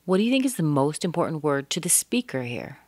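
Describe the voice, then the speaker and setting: A middle-aged woman teaching English pronunciation, modeling rhythm with sung-out syllables and slowly stretched words. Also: low voice, sing-song, darkish tone, dry recording. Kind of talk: accent lesson.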